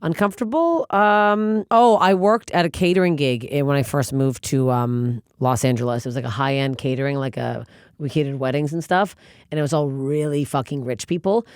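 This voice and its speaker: A woman's voice: a bass voice, normal speed, clean tone, dry recording, studio quality. A woman comedian, a guest on a podcast, telling stories in casual chat with lots of swearing. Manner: animated, profane storytelling.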